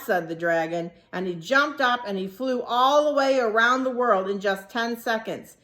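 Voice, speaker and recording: Animated woman reading aloud to children. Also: fairly high pitch, moderate pace, hardly any pauses. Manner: animated, asks the listeners questions. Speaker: early childhood teacher. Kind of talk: picture-book read-aloud for children.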